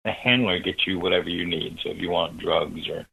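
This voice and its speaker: Husky low-voiced man telling a story. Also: fairly even intonation, brisk, pushed and bright, low-quality recording. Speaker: guest. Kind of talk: storytelling in a radio interview.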